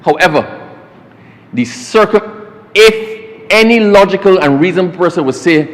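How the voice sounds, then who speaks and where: A man's voice: high-pitched, lively intonation, a little slow, long pauses. A Barbadian man, a government minister, giving a formal parliamentary speech that keeps addressing the chair as sir and slips into folksy stories. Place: parliament chamber. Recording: long reverb of a parliament chamber.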